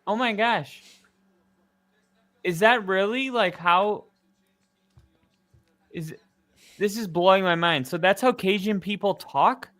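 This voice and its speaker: A man's voice: high voice, slow, long pauses, a bit bright. A man co-hosting a football live stream in casual chat, rambling with lots of fillers.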